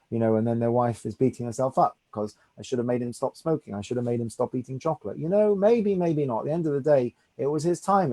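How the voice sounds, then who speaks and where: A man's voice: mid-range voice, dark tone. A man, a rabbi teaching a study class in a conversational way, often checking in with "right?". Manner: conversational, reassuring, asks "right?".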